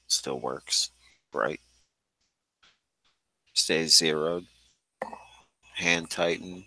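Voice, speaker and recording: Very deep gravelly joking man. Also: drawn-out words, bright, forceful tone, no room sound, poor audio. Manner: joking, laid-back. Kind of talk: casual chat.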